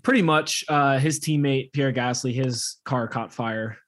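A man's voice: medium pitch, a bit bright. A man co-hosting a casual soccer podcast, talking in an emphatic, opinionated way. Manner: emphatic, opinionated, quick to laugh at the league. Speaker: podcast co-host.

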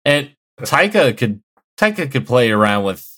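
A man's voice: medium pitch, big pitch swings, measured pace, a bit bright, breathy edge. A young man co-hosting a podcast, retelling a scene in a rambling, casual way with many fillers. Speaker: podcast co-host.

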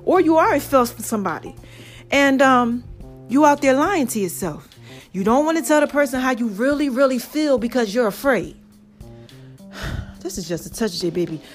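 A woman's voice: sits high, expressive, moderate pace, soft background music. A woman hosting her own podcast, telling a story in a casual way and speaking straight to her listeners. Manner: chatty, addresses listeners directly, repeats "baby" and "okay". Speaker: podcast host.

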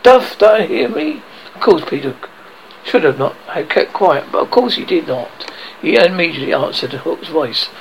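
A man narrating an audiobook in an expressive way, now and then stumbling and rereading words. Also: a little high, normal speed, creaky, a little hiss or hum, rough recording. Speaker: reader.

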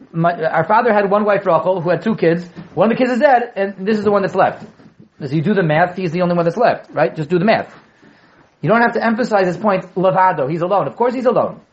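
Man, high voice, animated classroom teacher, repeats words for emphasis, dull lo-fi recording. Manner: animated, repeats key words, asks the class questions, joking asides. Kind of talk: Torah class lecture to students.

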